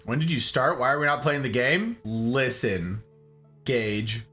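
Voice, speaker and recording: A male game streamer whose pitch swings widely as he banters with his chat, laughing often and talking in a loose, casual way. His voice has a bright, forward edge, with faint music playing underneath. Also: expressive, unhurried.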